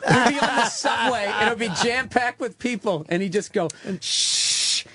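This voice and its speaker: A man guesting on a radio talk show, telling stories in a casual, profane, animated way and quoting people's voices. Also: extremely high pitch, fairly quick, dry recording. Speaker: guest comedian.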